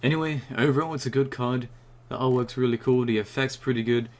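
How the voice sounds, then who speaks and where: A young man ranting casually and excitedly about a new card, rambling and swearing often, just after waking up. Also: medium pitch, a little fast. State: just woke up. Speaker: YouTuber reviewing a card.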